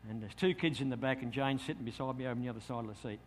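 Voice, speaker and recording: A middle-aged Australian man, a pastor telling a lively story in a sermon and acting out his own thoughts. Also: medium pitch, racing, a little hiss or hum.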